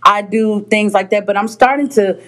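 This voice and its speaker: A woman co-hosting a casual talk podcast, animated and quick to jump up high in pitch. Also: rough recording. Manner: animated, jumps to high pitch in acted quotes. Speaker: podcast co-host. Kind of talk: casual chat.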